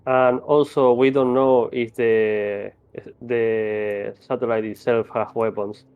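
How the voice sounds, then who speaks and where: A man playing in a tabletop game, speaking in a flat, deliberate, casual way. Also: mid-range voice, smooth, dry recording. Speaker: player. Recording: tinny, phone-like, dry mic.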